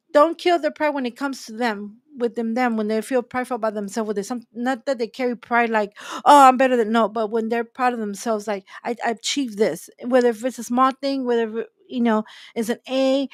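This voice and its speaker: A woman gives a faith talk in an emphatic, preaching style and drives her points home by repeating them. Her voice sits on the higher side, and the sound is close and dry with no room echo. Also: fairly even intonation, moderate pace. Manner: emphatic, repeats key phrases. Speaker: host.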